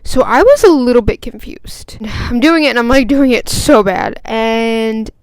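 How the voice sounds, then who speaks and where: A woman's voice: fairly high pitch, animated, a little slow, a little mellow, clear, resonant tone, no room sound. A young woman vlogger telling a story and ranting in a chatty, rambling way with lots of fillers. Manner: grows agitated and emphatic. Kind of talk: casual storytime rant.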